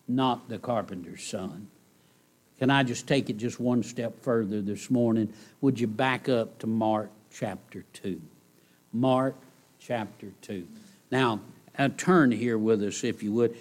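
A man preaching a sermon to a congregation, repeating his key phrases and swinging between loud outbursts and hushed lines. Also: mid-range voice. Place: church service.

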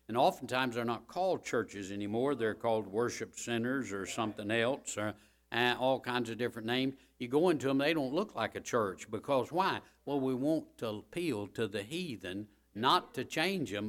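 Preacher guy hollering his sermon, bright sharp voice, repeats himself a lot. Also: mid-range voice. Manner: rising to loud impassioned shouting, repeats phrases. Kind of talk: fiery sermon.

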